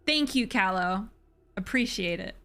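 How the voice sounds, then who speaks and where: A woman's voice: mid-range voice, expressive, unhurried, pushed and bright. A woman streaming a video game, talking casually and animatedly, swearing freely. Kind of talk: casual let's-play commentary.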